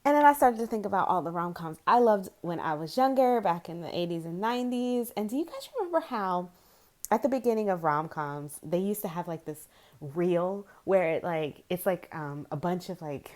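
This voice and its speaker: A woman's voice: fairly low pitch, lively intonation, moderate pace, darkish tone. A woman in her forties, chatting casually to camera as a tarot video creator, rambling and chatty, with frequent giggles.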